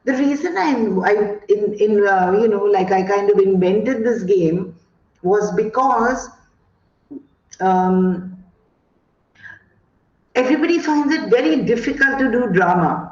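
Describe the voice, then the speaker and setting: A woman's voice: mid-range voice, expressive, darkish tone. A woman from India with an Indian English accent, giving an online teacher training talk and telling classroom stories with many fillers. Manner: slow, storytelling, many fillers. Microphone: video call. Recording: echoey dull video call audio.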